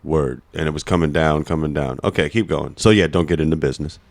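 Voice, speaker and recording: Brief: low-voiced man, quick and deadpan, dry close sound. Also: gravelly, no echo. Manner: deadpan, profane. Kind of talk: casual commentary.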